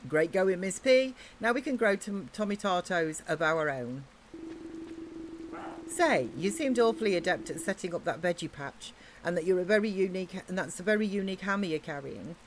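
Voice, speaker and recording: A woman's voice: on the low side, lively intonation, moderate pace, a little hiss or hum, close to an everyday voice. A woman with an English accent reading aloud the lines of a friendly, eager male orc farmer in a video game, in a chatty, encouraging way.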